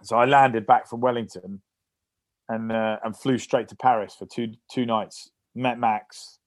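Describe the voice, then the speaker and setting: A man, a former rugby player, telling lively stories as a guest in a casual podcast interview. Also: mid-range voice, measured pace, no echo. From England. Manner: lively anecdotal storytelling.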